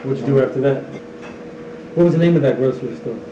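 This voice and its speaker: A man's voice: medium pitch, fast talker. A man interviewing an older relative, asking short prompting questions. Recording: roomy, distant, dull with clear background noise.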